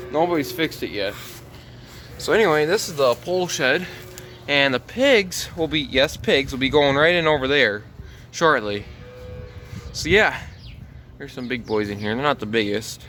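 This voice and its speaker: A man giving a relaxed, rambling walk-through tour of his farm barn, talking into a handheld camera. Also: mid-range voice, slight background noise. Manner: easygoing, rambling with many "so yeah" fillers. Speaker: farm vlogger.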